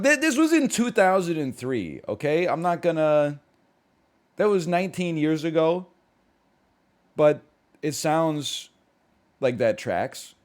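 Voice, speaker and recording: With a voice on the high side, a man from Canada rambles casually on a live stream, reacting to his chat, drifting into asides and leaping suddenly into excitement.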